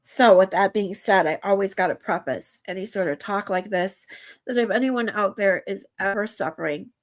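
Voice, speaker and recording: Talking to her chat during a casual live stream, a woman streamer with a medium-pitched voice sounds earnest and heartfelt. She often halts and restarts her sentences.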